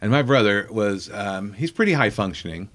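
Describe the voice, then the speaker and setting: A man's voice: fairly low pitch, animated, moderate pace, fairly bright tone. A comedian telling a profane, self-mocking story from his childhood in casual chat.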